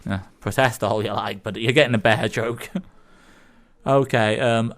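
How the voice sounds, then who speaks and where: Co-hosting a community radio show, this Northern English man speaks at normal speed with a steady, medium-pitched, slightly bright voice. His joke-telling wanders and hesitates, crowded with fillers.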